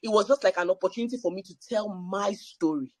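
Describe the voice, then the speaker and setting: A woman's voice: mid-range voice, fast talker, slightly rough, no echo. A woman sharing a personal story at a panel, emphatic and repeating phrases for effect. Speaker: panel speaker.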